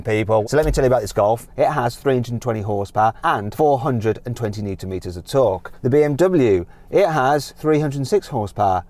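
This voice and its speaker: A man's voice: mid-range voice, a little mellow, no echo. A man presenting a car drag race from inside a car, cheeky and jokey, exclaiming at the action.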